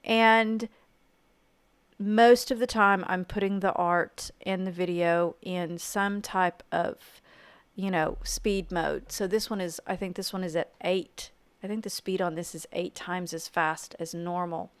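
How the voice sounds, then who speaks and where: A middle-aged woman teaching art journaling in a casual, chatty voice-over, enthusiastic and quick with self-deprecating asides. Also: lowish voice, fairly even intonation, clear, resonant tone, dry recording. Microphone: home voice-over mic.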